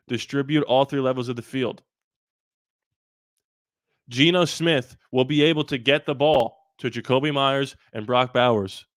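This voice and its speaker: A man hosting a live sports talk stream, animated and rambling with quick asides. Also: medium pitch, no room sound, studio quality. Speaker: sports channel host.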